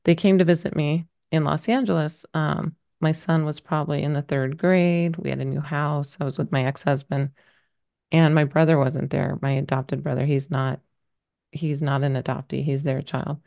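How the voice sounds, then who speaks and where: A woman's voice: low voice, fairly even intonation, moderate pace, gravelly, a little mellow. A middle-aged woman talking as a podcast guest, telling a personal story candidly, rambling a little with many fillers. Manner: emotional, rambling, lots of fillers.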